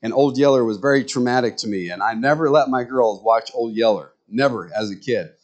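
A middle-aged man preaching a sermon in a folksy, conversational way, full of rambling asides, jumping up in pitch when he acts out what others say. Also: a little fast, dull audio. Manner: jumps to high pitch when acting out others' words. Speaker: pastor.

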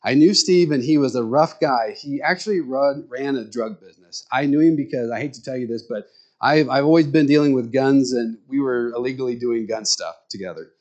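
Male preacher, sermon told as stories, frank, conversational, small rural church. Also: medium pitch.

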